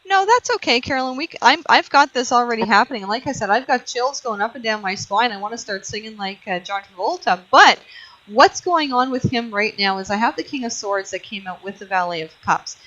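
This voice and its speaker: A woman's voice: a little high, lively intonation, a little fast, sharp tone. Chatty woman psychic on a lo-fi radio show. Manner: chatty, laughs often, lots of fillers. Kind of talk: call-in radio show, casual. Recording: muffled lo-fi online radio audio.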